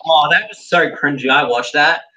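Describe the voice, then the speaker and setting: A man's voice: a little high, animated, normal speed, bright, forceful tone, rough recording. An Australian man co-hosting a casual livestream podcast, rambling and swearing freely. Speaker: co-host.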